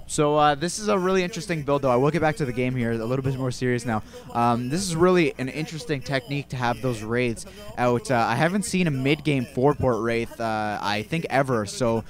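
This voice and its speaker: Laid-back young man casting a game. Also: medium pitch. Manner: rambling, relaxed, self-correcting. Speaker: amateur esports caster. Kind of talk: casual play-by-play game commentary.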